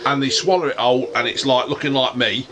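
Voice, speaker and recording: A man's voice: mid-range voice, fast talker. A man hosting a casual pub-style chat in a beer garden, swearing freely as he tells stories. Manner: sweary, lively storyteller. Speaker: host. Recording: noisy outdoor ambience with birds.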